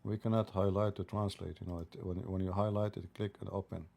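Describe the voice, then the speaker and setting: A man's voice: deep voice, flat delivery, brisk, vocal fry, a little mellow. A man hosting a live-streamed religious debate, sarcastic and mocking, his voice rising as he argues. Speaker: debate host.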